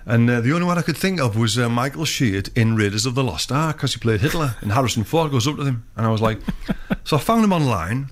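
A man's voice: mid-range voice, expressive, fast, hardly any pauses. A man, a filmmaker guest telling long, rambling anecdotes in casual chat. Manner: rambling storyteller, many restarts.

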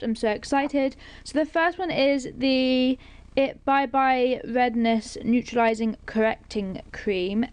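A young woman chatting to camera in a casual beauty vlog, bubbly and rambling, with quick asides. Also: high-pitched. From Britain. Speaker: beauty vlogger.

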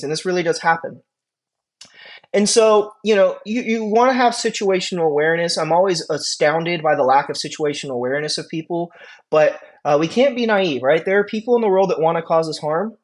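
A man, a paramedic instructor, giving a conversational classroom lecture. He often checks in with "right?" and "okay?" and acts out quick exchanges with patients. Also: a little high.

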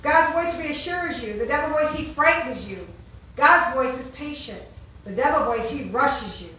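A woman's voice: high-pitched, expressive, normal speed, sharp tone, a little hiss or hum. A woman preaching an informal sermon, asking the congregation questions and answering them with emphasis. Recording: echoey room, heard from far off.

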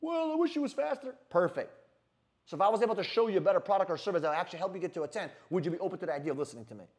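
A man giving an energetic sales coaching talk in a brash manner, swearing freely and often asking "right?". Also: high-pitched, racing. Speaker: sales trainer.

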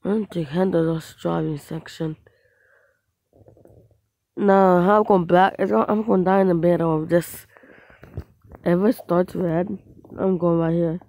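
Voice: mid-range voice, fairly even intonation, moderate pace, gravelly, dark tone, no echo, poor audio. A gamer giving casual let's-play commentary on their own mobile play, rambling to themselves with frequent restarts and small outbursts at the game.

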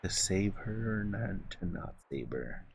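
A man's voice: deep voice, big pitch swings, unhurried, vocal fry, a little hiss or hum. A man streaming a game live, chatting casually in a rambling, self-correcting way. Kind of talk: casual live gaming commentary.

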